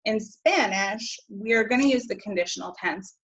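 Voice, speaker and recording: A woman talks students through a recorded Spanish grammar lesson. Her pitch sits in the middle and her tone stays casual and chatty. She corrects herself easily as she goes. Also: normal speed, fairly bright tone, husky, rough recording. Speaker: Spanish teacher. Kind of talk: recorded slide lecture.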